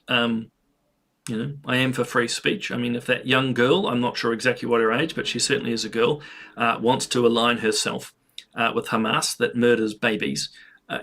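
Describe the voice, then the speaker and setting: A man's voice: mid-range voice, fairly bright tone. A man hosting an opinion commentary, earnest, with frequent fillers and restarts. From New Zealand. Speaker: commentary host.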